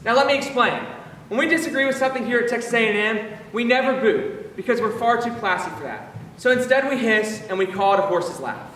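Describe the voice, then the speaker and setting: A young man, a yell leader, speaking upbeat and directly to new students to explain the rules. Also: extremely high pitch, lively intonation, fairly quick, a little hiss or hum. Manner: upbeat, direct speech to a crowd. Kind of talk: energetic instructional address. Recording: echoey hall, voice from far off.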